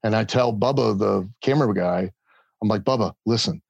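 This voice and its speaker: Low gravelly man with a dull lo-fi sound. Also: moderate pace, no room sound. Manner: animated storyteller, acts out other people's voices. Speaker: guest. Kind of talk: casual interview storytelling.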